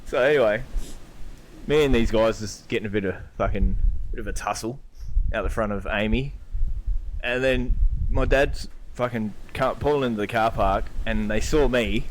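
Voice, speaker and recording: A man's voice: mid-range voice, expressive, moderate pace, long pauses. Man, Australian accent, casual podcast storytelling, swears a lot, laughs often, faint background noise. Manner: swears a lot, laughs through his stories. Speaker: podcast co-host.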